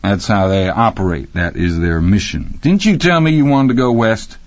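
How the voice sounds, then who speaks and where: A man voicing a crude, rowdy, cackling middle-aged man with a high, yelping voice and backwoods slang. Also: moderate pace, no room sound, lightly acted. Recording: dry, slightly muffled recording.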